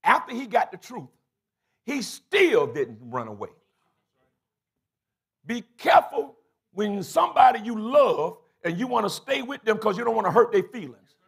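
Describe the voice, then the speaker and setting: A man preaching a sermon as bishop of his church, building to shouted climaxes, calling out to the congregation and acting out quoted voices. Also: sits high, sing-song, a little slow, vocal fry, long pauses, slightly rough. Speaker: bishop and pastor. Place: church sanctuary.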